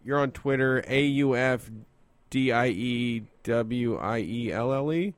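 Easygoing male radio host, smooth. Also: medium pitch, slow pace, no echo. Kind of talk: call-in talk show.

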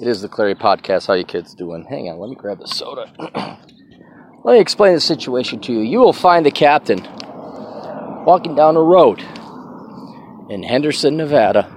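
Brash, lively man ranting. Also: mid-range voice, normal speed, long pauses, slight background noise. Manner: brash, sarcastic rant. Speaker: podcast host. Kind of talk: casual monologue.

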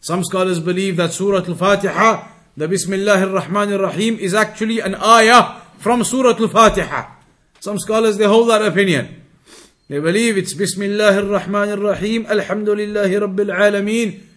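A man explaining a hadith text as a teacher, methodical and repetitive, reading Arabic passages quickly. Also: high voice, a bit bright. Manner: methodical, repeats key points, reads Arabic passages quickly. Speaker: Islamic teacher.

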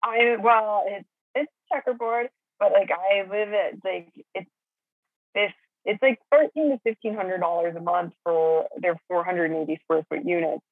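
A woman's voice: mid-range voice, moderate pace, husky, no room sound. A middle-aged woman chatting casually as a caller, swearing and rambling with lots of fillers. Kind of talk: casual chat. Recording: phone line.

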